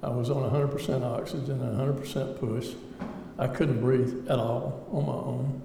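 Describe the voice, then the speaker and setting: Before an audience in a large hall, a lay speaker offers a sincere personal testimony, reflective and wryly funny. His mid-range voice is mellow with vocal fry, fairly even intonation, and a moderate pace. The echoey recording has faint ambience and a little hiss or hum.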